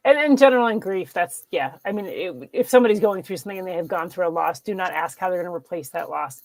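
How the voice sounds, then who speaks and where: A woman's voice: on the low side, lively intonation, fast talker, low-quality recording. A woman hosting a casual interview, mostly giving short supportive replies. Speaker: podcast host.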